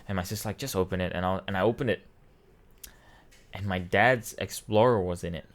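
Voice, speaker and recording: A man's voice: deep voice, steady tone, a little fast. A man in his twenties, a vlogger, telling a personal story in a rambling, emotional way with many restarts, choked up and near tears. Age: 20s. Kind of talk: casual storytelling.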